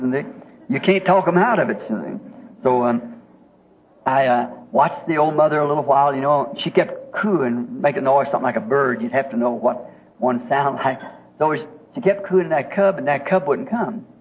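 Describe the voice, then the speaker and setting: Southern preacher on tinny old tape. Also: male voice, a little high, a little hiss or hum. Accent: Southern American. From American South. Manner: homespun, chuckling, drawn-out storyteller. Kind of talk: folksy storytelling sermon. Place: church meeting.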